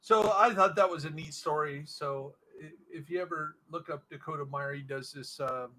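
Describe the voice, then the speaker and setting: A man's voice: fairly high pitch, moderate pace, sharp tone, slight background noise, poor audio. Rambling man telling war stories while gaming. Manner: rambling, full of fillers and restarts. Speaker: gaming streamer. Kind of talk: casual storytelling while playing a game.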